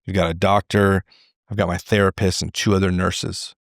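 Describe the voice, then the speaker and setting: A middle-aged man, a podcast guest, telling a candid personal story in an animated way. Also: low-pitched, normal speed, no room sound, clean studio sound. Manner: animated, acts out quoted voices.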